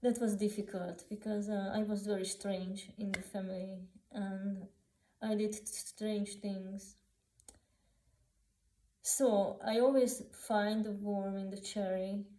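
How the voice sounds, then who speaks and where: A woman telling personal memories unscripted, halting with many restarts, fillers and non-native grammar. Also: medium pitch, flat delivery, warm tone, echoey room, low-quality recording. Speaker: author sharing personal memories.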